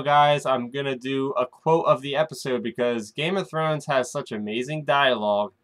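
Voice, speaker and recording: A man's voice: mid-range voice, a bit bright. A man hosting his weekly show, chatting casually and speculating, often calling out to his viewers. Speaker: show recap host. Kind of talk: casual chat to the camera.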